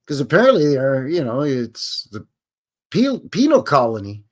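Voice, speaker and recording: A man's voice: medium pitch, huge pitch swings, normal speed. A man with a Canadian accent hosting a live stream, chatting casually in a joking, rambling way full of folksy slang. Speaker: host.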